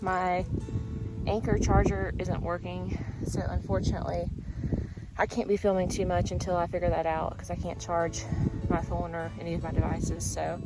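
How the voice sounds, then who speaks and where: A woman's voice: fairly low pitch, little pitch movement, normal speed, over loud music, poor audio. A woman chatting casually in a trail vlog, upbeat and full of fillers, recorded outdoors on a phone. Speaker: thru-hiker vlogger.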